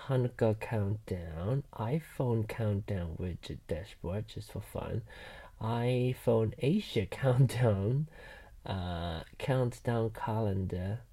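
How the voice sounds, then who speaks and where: Man rambling live from his bed on a binaural mic: slow, animated, quick to laugh and curse. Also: fairly low pitch, slightly rough. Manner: chatty, laughs often, swears casually. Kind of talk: rambling live casual chat. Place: bedroom, in bed. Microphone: binaural mic on a computer.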